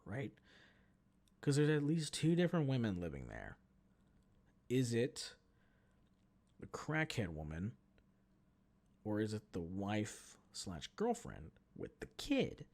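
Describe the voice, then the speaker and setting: A man spins a story in a casual, profane rant. His voice is gravelly with lively, swooping pitch and a self-mocking edge. He sounds like he is talking to friends. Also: slow pace, long pauses. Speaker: podcast host.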